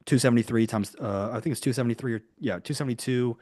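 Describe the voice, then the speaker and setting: A man running a live online coaching lesson for business owners, talking in an energetic, chatty way with many asides. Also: medium pitch, fast, no room sound, studio quality.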